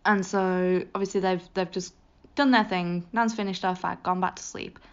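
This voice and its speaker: A British woman hosting a podcast, telling spooky family stories in a chatty, animated way, often restarting and correcting herself. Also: medium pitch, normal speed, clear, resonant tone. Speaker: podcast host. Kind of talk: casual spooky storytelling. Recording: slightly muffled lo-fi recording.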